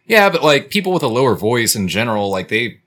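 A man's voice: mid-range voice, very animated, quick pace, fairly bright tone. A young man co-hosting a podcast, earnestly arguing his point in casual chat. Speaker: podcast co-host.

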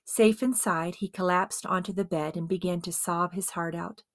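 A woman narrating a dramatized biography as an audiobook, with expressive storytelling. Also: on the low side, normal speed, dry recording, clean studio sound.

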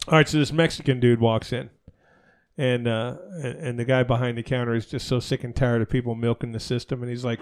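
A man's voice: mid-range voice, little pitch movement, brisk. A man co-hosting a casual podcast, telling a long crude joke with many stumbles and fillers. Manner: rambling, crude, stumbles over setups. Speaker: podcast co-host.

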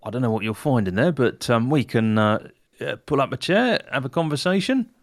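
A man's voice: mid-range voice, big pitch swings, fairly quick. A man speaking as his character in a tabletop game, wry and joking. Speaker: player.

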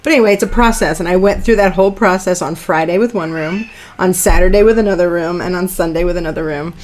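A middle-aged woman co-hosting a podcast in casual chat, telling stories with animated acted-out quotes, speaking from a dance studio. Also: on the low side, fast, a little hiss or hum. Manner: animated storyteller who acts out her own quotes.

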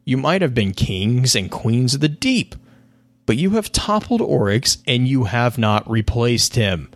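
A man's voice: medium pitch, sing-song, unhurried, pitched above the performer's own voice. A man voicing an unhinged male sorcerer obsessed with the hive, scolding the listener in a theatrical, lofty manner. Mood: indignant, mocking.

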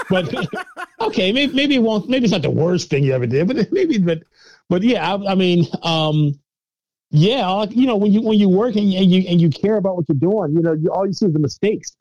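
A man's voice: high voice, expressive, normal speed, darkish tone, no echo, lo-fi sound. A man as a filmmaker guest on a podcast, talking casually with lots of laughs and restarts as he mocks himself. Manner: laughing, self-mocking, many restarts. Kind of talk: casual interview chat.

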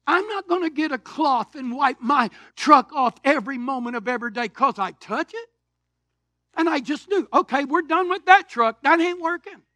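A man, preaching a sermon in a church, animated storytelling that swings from shouts to quiet asides. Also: very high voice, normal speed, no room sound. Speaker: pastor. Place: church sanctuary.

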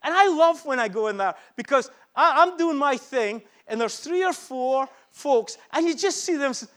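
A man preaching a sermon in church to his congregation, emphatic and repetitive, slowing down to drive his key phrases home. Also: very high-pitched, animated, a bit bright. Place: church service before a congregation.

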